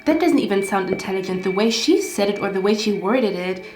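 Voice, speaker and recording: A woman's voice: mid-range voice, animated, brisk, a little mellow. Woman tarot reader, ranty and profane, echoey room with faint music under her. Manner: rambling, heated, swears often. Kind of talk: casual tarot reading.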